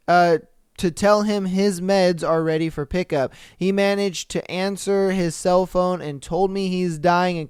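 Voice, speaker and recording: Young guy podcaster reading stories slow, swears a lot, smooth voice, dry close sound. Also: high voice, no room sound. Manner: animated, swearing, loud outbursts. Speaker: podcast host.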